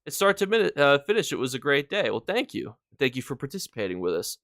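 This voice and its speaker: A man talks loosely to his stream audience, wandering through his thoughts with lots of fillers. His voice is smooth and clear at a middle pitch. It sits close and dry on the mic. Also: big pitch swings, fast talker, fairly bright tone, dry recording. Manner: chatty, rambling, thanks viewers between points. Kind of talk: casual live-stream chat.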